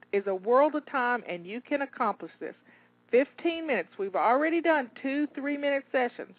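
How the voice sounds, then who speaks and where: Her voice on the high side, a home organizing coach urges listeners on during a timed kitchen cleanup, upbeat and a bit out of breath. There's no room sound, but the recording has a tinny, phone-like quality.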